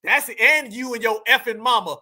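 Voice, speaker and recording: A man's voice: very high-pitched, moderate pace, bright, forceful tone. A man giving heated, mocking reaction commentary on a live stream, confrontational and full of slang.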